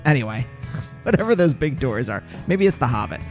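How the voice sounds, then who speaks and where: A man's voice: medium pitch, big pitch swings, brisk, darkish tone, faint music behind. A man hosting a podcast, chatting casually with hesitant restarts and self-deprecating asides. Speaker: podcast host. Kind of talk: casual interview chat.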